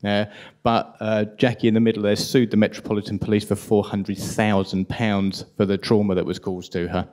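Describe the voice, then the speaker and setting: A man with a strong London accent giving an impassioned, indignant conference talk at a rapid pace. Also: on the low side, level tone, darkish tone. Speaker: conference speaker.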